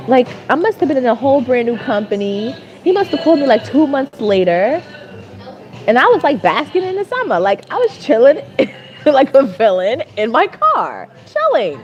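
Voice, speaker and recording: A woman vlogger telling a story as a rant, animated and exasperated, repeating phrases for emphasis. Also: high voice, normal speed, highs cut off.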